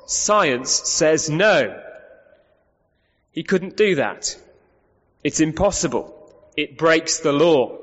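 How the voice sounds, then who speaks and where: A man preaching an emphatic sermon, firing off rhetorical questions and restarting his phrases as he goes. His voice sits a little high. The sound is slightly dull and rings out through a large reverberant hall.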